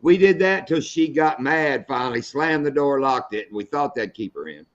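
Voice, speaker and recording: Over a muffled recording, a middle-aged fishing-show host talks at normal speed in a mid-range voice with lively intonation. It's a laid-back live stream where he spins folksy yarns and doesn't hold back on salty words.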